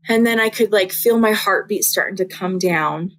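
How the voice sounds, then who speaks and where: A young woman sharing a personal faith testimony in casual conversation, earnest and halting, with many fillers. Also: medium pitch, steady tone, gravelly, poor audio.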